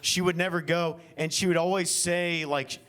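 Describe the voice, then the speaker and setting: A man's voice: a little high, fairly even intonation, moderate pace, a bit bright, smooth. Rambling young male stand-up comic. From Oklahoma. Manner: rambling, filler-heavy, self-deprecating. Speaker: stand-up comedian. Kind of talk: improvised stand-up set. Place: winery comedy show.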